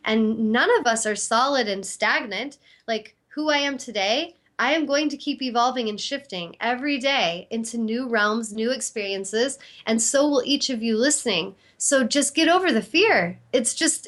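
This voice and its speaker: A woman's voice: fairly high pitch, moderate pace, hardly any pauses, fairly bright tone. A middle-aged woman, host and intuitive healer, giving an earnest, encouraging self-help talk and acting out inner dialogue.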